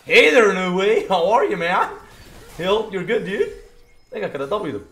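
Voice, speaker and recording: A young British man, a streamer, giving crude, joking live commentary on his game with sudden shouted outbursts. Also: high-pitched, animated, normal speed, faint music behind. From Britain. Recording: roomy echo.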